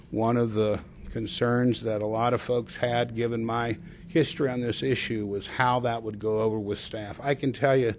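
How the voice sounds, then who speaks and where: A man who directs a public agency, giving a formal progress report to a commission in a measured, earnest way, with frequent pauses to say "uh". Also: mid-range voice, slight background noise.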